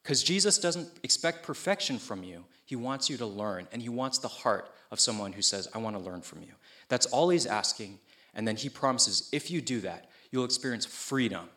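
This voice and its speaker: A man's voice: medium pitch, animated, moderate pace, sharp tone. A man preaching a sermon to students in a casual, conversational way, often checking in with his listeners. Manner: casual youth-pastor delivery, checks in with listeners. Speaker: pastor.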